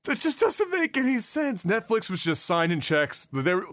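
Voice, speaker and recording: Casual podcast co-host, male, higher voice, dry close-mic sound, excitable and profane. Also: moderate pace, no echo. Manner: animated, swears a lot, rambling restarts. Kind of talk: casual chat.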